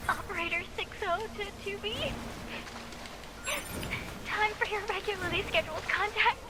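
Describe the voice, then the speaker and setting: A bubbly lovesick android operator. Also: female voice, very high voice, steady tone, normal speed. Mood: chirpy lovesick. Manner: bubbly, lovelorn and whiny. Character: cheerful young female android radio operator. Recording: game audio under loud noise.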